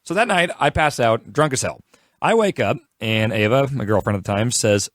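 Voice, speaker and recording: A young man tells a story on a podcast with lively, swooping pitch and frequent laughter. His voice is dry and close, with no room sound around it. He talks casually and quickly slips into other people's voices. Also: dry recording. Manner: animated, laughing, quick shifts into quoted voices. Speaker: podcast co-host.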